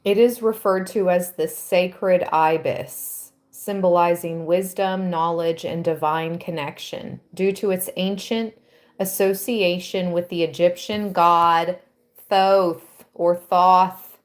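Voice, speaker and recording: A woman giving a tarot reading to her viewers, reading aloud and musing with soft exclamations. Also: fairly low pitch, steady tone, slow pace. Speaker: tarot reader.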